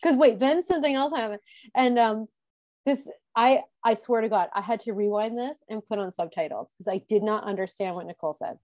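A woman in casual chat, recapping a television episode with a co-host in a lively, laughing way. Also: fairly high pitch, a little fast, dry recording. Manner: chatty, animated, laughs often.

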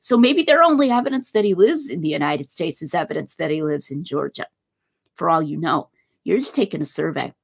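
A woman's voice: low-pitched, expressive, a little fast, gravelly, breathy edge. A woman giving a conversational philosophy lecture, walking through a hypothetical example step by step.

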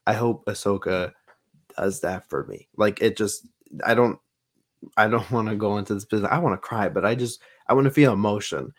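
A man's voice: on the low side, fairly quick. A man co-hosting a podcast in casual chat, earnest and hesitant, stumbling over his words. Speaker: podcast co-host.

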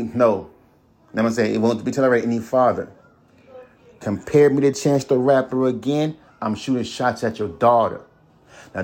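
A man's voice: mid-range voice, a little mellow. A man hosting a podcast alone, ranting bluntly with heavy profanity and repeating himself. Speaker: podcast host. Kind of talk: solo ranting monologue.

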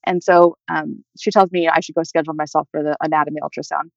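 Fast-talking young woman telling her story. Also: sits low, steady tone, gravelly, dry recording. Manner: chatty, many fillers like "like" and "you know". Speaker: interview guest. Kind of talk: personal storytelling. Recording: dull, dry lo-fi audio.

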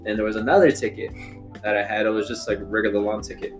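A man's voice: on the low side, fairly even intonation, fast, over music. A young man in casual chat, telling a loose, profane story among friends.

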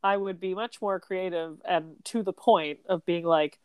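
Animated, laughing woman telling a story. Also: on the low side, measured pace, smooth, no room sound. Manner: animated, laughing, swears casually. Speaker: podcast co-host. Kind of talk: casual chat, storytelling.

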